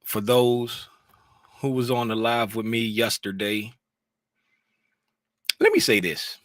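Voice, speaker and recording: A man giving casual live-stream commentary as a trading educator, rambling and animated, repeating phrases as he vents. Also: medium pitch, takes it slowly, dry recording.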